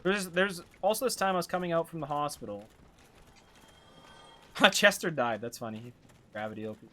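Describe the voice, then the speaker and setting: Chatty male gaming streamer, bright voice. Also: fairly high pitch, lively intonation, moderate pace. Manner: chatty, rambling between game reactions. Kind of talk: casual live gameplay chat.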